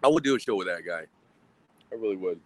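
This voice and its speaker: Brief: male livestream host, lowish voice, cussing, rambling, self-mocking, recorded outdoors on a phone. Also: lively intonation, fast talker, rough recording. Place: outdoors at a grill.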